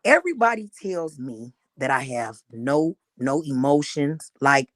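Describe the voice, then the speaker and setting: A woman's voice: rumbling low, very animated, unhurried, no room sound, studio quality. A woman in her thirties, speaking frankly and confessionally in a casual group chat, filling her talk with "like.". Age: 30s. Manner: frank, confessional, talks in bursts with many "like"s. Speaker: podcast co-host.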